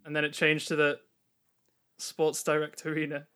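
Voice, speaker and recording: Bright-voiced Geordie man chatting. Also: fairly high pitch, completely flat delivery, normal speed, clean tone. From Newcastle, England. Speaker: podcast co-host. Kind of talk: casual chat.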